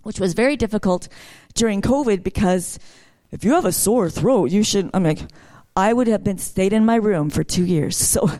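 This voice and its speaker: A woman's voice: medium pitch, normal speed, few pauses, warm tone. Woman, middle-aged, church testimony, chatty storytelling, fervent. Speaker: worship leader sharing a testimony.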